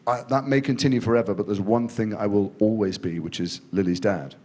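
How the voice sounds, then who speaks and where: Self-deprecating Englishman, lowish voice. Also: steady tone, brisk, darkish tone. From England. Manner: rambling self-deprecating storytelling. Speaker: guest actor. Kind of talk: in-depth interview conversation. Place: festival stage before a student audience.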